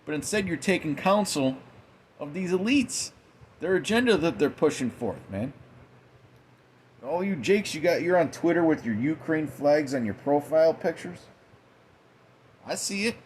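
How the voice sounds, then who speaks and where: A man's voice: a little high, animated, moderate pace, pauses often, slight background noise. A man giving a profane, mocking late-night commentary monologue, quoting scripture in a preachy way. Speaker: commentary host.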